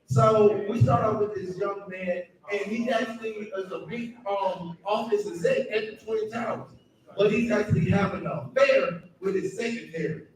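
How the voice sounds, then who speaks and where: A man's voice: high voice, moderate pace. A man hosting a comedy show and doing crude, rambling stand-up, often talking to the crowd. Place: comedy club stage. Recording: echoey club room picked up from a distance.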